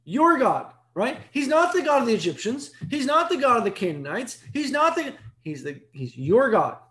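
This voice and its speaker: A Bible teacher giving an evening lecture, emphatic and full of rhetorical questions, repeating key words for stress. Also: normal speed. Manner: jumps to a high excited pitch when stressing a point.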